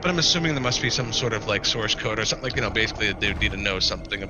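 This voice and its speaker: Animated joking man chatting over a game. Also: lowish voice, very fast, noisy background. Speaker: let's play commentator. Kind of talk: casual gameplay commentary.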